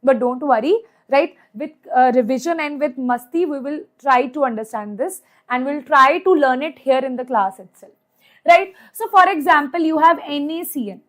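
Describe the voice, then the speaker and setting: A woman's voice: high-pitched, lively intonation, moderate pace. A young woman with an Indian English accent teaching chemistry in an online exam-prep lecture, chatty, repeating her points and asking "right?" again and again. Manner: chatty, repeats points, asks "right?" often, mixes in Hindi.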